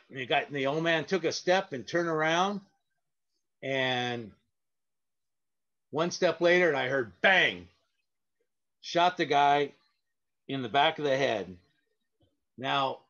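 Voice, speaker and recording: A man's voice: a little high, fairly bright tone, dull audio. A man, a parking lot sweeper and guest, telling stories in a casual, rambling way with many fillers and restarts. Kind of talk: casual anecdotal storytelling.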